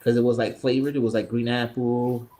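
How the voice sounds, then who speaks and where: A man's voice: mid-range voice, a little fast. Profane storytelling man on a podcast. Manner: profane, animated anecdotes with acted-out quotes. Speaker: podcast co-host. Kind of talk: casual storytelling chat.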